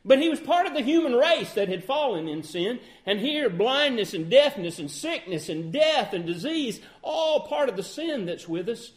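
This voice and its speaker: A man preaching a sermon, asking questions and answering them, swinging between loud emphatic outbursts and quiet, low phrases. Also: big pitch swings, normal speed, few pauses.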